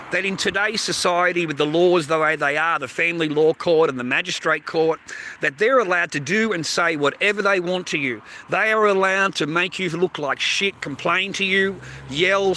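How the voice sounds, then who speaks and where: High-pitched swearing Australian man. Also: sharp tone, slight background noise. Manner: heavy swearing, repetitive, keeps calling listeners mate and bro. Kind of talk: ranting monologue to viewers.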